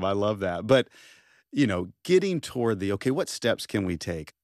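A man's voice: sits low, a little mellow, no echo, clean studio sound. A middle-aged man speaking earnestly and passionately as a guest on a faith podcast. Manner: earnest, passionate, self-reflective.

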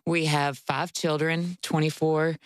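A woman's voice: deep voice, flat delivery, measured pace, no echo. A woman in her forties, a guest author, candidly telling her marriage story in an interview and laughing as she talks. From Kentucky, USA. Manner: candid, laughs while talking.

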